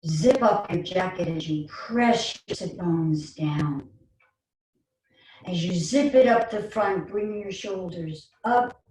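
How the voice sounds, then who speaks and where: Slow-paced New York woman teaching yoga. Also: fairly low pitch, animated, darkish tone. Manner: slow, soothing cues with playful asides. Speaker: chair yoga instructor. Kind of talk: guided chair yoga class. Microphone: online video call. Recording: roomy, distant mic, faint noise.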